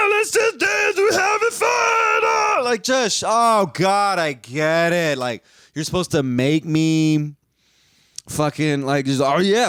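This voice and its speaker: A man's voice: fairly high pitch, smooth, no echo, studio quality. A young man giving a casual, profane movie review, rambling with lots of fillers and mocking scenes in put-on voices.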